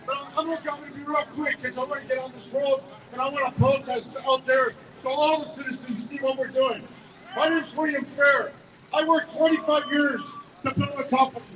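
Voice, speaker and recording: Man, rally speaker, stammering, emotional, outdoor square, faint street noise. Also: very high voice. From Canada. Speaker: rally speaker, business owner. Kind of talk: impassioned rally speech. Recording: echoey outdoor PA from far off.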